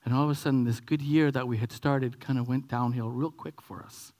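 A Canadian man in his forties preaches a little fast, bringing a childhood story to life with lively acting. His delivery dips into whispers and jumps up into high, excited bursts.

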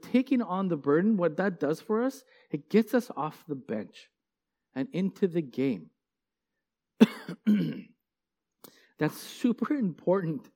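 A man's voice: on the high side, warm tone. A male pastor giving a conversational sermon, telling stories earnestly and often saying "like" as he goes. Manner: casual, frequent "like" fillers, earnest storytelling.

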